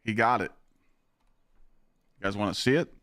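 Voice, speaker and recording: A man's voice: fairly low pitch, normal speed, fairly bright tone. A man live-streaming games, chatting casually with his viewers, ranting with lots of swearing and frequent laughter. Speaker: gaming streamer.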